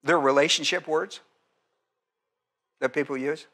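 With measured delivery, the male pastor expounds a text, energetic and quizzing those in the pews. At points he brings his voice down soft and low for emphasis.

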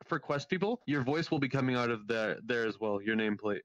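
A man chatting casually in a virtual world, rambling with restarts and quick laughs. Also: medium pitch, animated, no echo. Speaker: streamer exploring a virtual world. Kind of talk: casual chat. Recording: slightly dull lo-fi voice chat.

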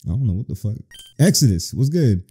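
A man commenting on a horror game as he plays, crude and profane in his jokes and reactions. His voice is very dark and husky, swinging up and down in lively pitch, with faint game music underneath. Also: brisk. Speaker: gaming video host. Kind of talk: let's play commentary.

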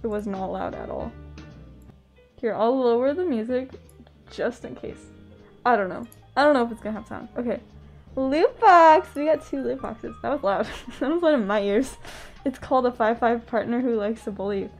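Faint music plays behind a young woman from the US West Coast who streams and chats casually, addressing her viewers and laughing a lot. Her voice is on the high side with a darkish tone, at a moderate pace.

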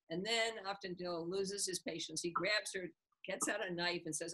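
A woman author, interviewed on a rough recording, retells a scene from a book and acts out the characters' lines with a laugh. She speaks at a normal speed in a fairly low voice, an animated storyteller.

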